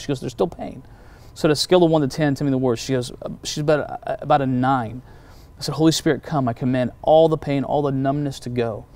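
A man in pastoral ministry tells faith stories in easy conversation. He talks with a moderate, ordinary pitch and slips into the voices of the people he quotes. His delivery is animated and personal. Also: a little fast. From United States. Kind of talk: storytelling testimony in a conversation.

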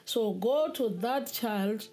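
A woman giving a spoken testimony in an earnest, halting way, often repeating words. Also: on the high side, darkish tone. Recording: faint music behind.

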